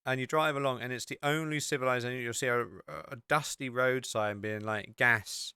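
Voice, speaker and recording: A man's voice: mid-range voice, fairly even intonation, fairly quick, sharp tone, clear, resonant tone, dry recording, clean studio sound. An English man hosting a podcast, chatting casually and rambling with many fillers while he walks through a map on screen. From England. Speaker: podcast host.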